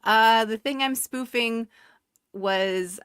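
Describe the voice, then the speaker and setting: A woman's voice: a little high, slow pace, fairly bright tone, clean tone, dry recording, clean studio sound. A woman in her forties co-hosting a reaction show, teasing and playful, laughing a lot. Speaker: co-host. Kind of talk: casual reaction-show chat.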